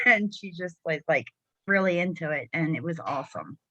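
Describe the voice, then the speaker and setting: A middle-aged woman with a notably low voice hosts a casual chat over a video call, upbeat and encouraging. The sound is dry and close, with dull, lo-fi call audio. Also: lively intonation, moderate pace, sharp tone, no room sound. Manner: encouraging, enthusiastic. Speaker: host.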